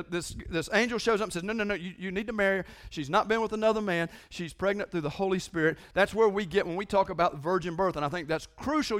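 A man's voice: high-pitched, a bit bright. A man preaches a sermon. He talks conversationally, presses key points hard and repeats phrases for emphasis. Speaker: pastor.

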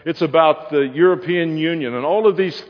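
A man's voice: a little high, normal speed. A man preaching a Bible-teaching sermon, quizzing his listeners and answering himself. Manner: asks the audience questions and answers them. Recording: muffled hall recording with long reverb.

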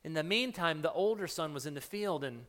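A man's voice: on the high side, expressive, brisk, fairly bright tone. A man leading a Bible study as pastor, retelling the story casually with many restarts and putting questions to his listeners. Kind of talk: conversational sermon with audience questions. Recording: long hall reverb.

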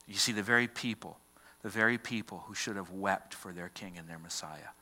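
A man preaching a sermon as pastor in a church. He delivers it dramatically, swinging from loud declarations down to a hushed near-whisper. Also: deep voice, brisk.

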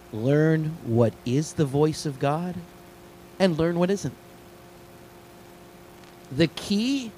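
A middle-aged man preaching a sermon, telling a story with lively swings between hushed asides and excited high points. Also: slight background noise, poor audio. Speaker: pastor.

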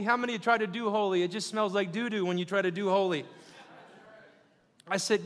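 A man's voice: high-pitched, fairly quick, big-room sound. A man in his thirties preaching a sermon, calling out to the congregation and building to fervent peaks. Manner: call-and-response, rising to fervent shouting.

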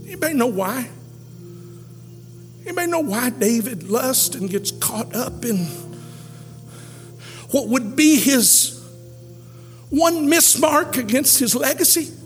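Male Pentecostal preacher, very high voice, shouts and sings his peaks, long hall reverb, faint music. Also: lively intonation, slow, long pauses. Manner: shouts and half-sings climactic lines, drops low for stories. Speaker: pastor. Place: church camp meeting hall.

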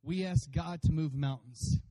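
A pastor preaching a sermon to his congregation, animated and playful, acting out voices and calling for amens. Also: fairly high pitch, a little slow. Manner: animated, acts out funny voices for God and congregants; addresses congregation by name, calls for amens.

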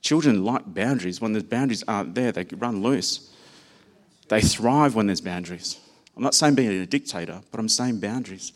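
A man preaches a sermon in a low-pitched voice. His delivery is conversational and personal, and he folds stories from his own family into the message. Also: expressive, normal speed.

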